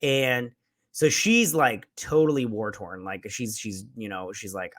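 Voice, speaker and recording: A man's voice: medium pitch, animated, measured pace, fairly bright tone. A man hosting a show, giving a loose, profane, rambling recap of a TV episode with lots of fillers and restarts. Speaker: show host reviewing a TV episode. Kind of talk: casual rambling recap commentary.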